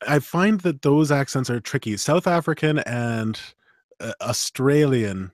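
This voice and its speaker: A man's voice: medium pitch, a little slow, no room sound, clean studio sound. Easygoing man audiobook narrator. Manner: easygoing and agreeable. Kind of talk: casual chat, then reading narration.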